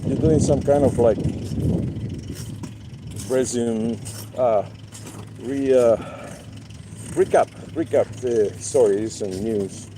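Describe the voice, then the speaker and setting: Slow, rambling man with street noise. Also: mid-range voice, warm tone, rough recording. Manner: rambling, repeats words, many fillers. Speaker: livestream host. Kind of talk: casual live-stream monologue.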